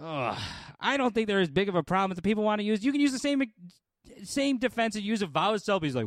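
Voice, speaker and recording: A man with a fairly high voice argues his side in a casual podcast, full of fillers and swearing. The sound is dry and close, with no room around it. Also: big pitch swings, quick pace, dry recording. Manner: argumentative, profane, uses many fillers. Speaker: podcast co-host.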